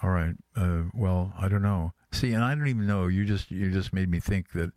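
A man hosting a casual radio show, talking in a rambling, halting way with many restarts. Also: sits low, a little mellow, dry recording. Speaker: radio host.

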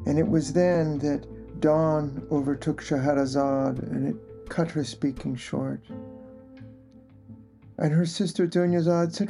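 A storyteller narrating a folk tale in a slow, measured way. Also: mid-range voice, steady tone, mellow, faint music behind.

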